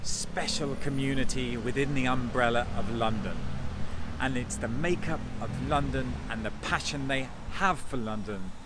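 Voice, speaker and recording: Chatty man vlogging over loud noise. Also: mid-range voice, moderate pace. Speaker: vlogger host. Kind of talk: casual vlog chat.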